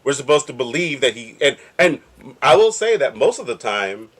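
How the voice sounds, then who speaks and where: A man whose pitch rises and falls a lot as he talks, co-hosting a podcast in a relaxed, conversational way. He speaks at a mid pitch and leans on easy slang. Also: normal speed. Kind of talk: casual chat.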